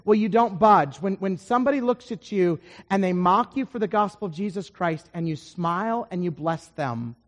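A man preaching a sermon, telling a story with lively swings between loud emphasis and quiet asides. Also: high-pitched, normal speed, few pauses, long reverb tail.

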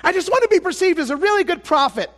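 A man's voice: very high-pitched, big pitch swings, quick pace, fairly bright tone, pitched above the performer's own voice, full character voice. A male preacher briefly voicing the prophet Jonah as bitter and resentful, demanding that his enemies be punished. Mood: sulky.

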